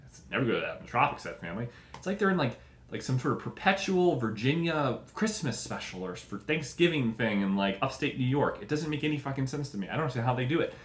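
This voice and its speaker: A man hosting a show and delivering a profane comedic rant, animated and full of mock voices. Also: medium pitch, fast talker. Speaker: show host. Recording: echoey room.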